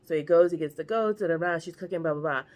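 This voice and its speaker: A woman's voice: deep voice, quick pace, darkish tone. Chatty woman vlogger retelling a story. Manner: slangy and chatty, with filler asides. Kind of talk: casual chat retelling a Bible story.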